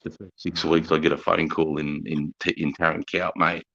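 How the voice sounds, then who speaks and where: A man's voice: extremely low pitch, flat delivery, moderate pace, fairly bright tone, dull audio. An Australian man hosting a live stream, telling army stories in a crude, profane, laughing way. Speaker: livestream host. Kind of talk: casual storytelling chat.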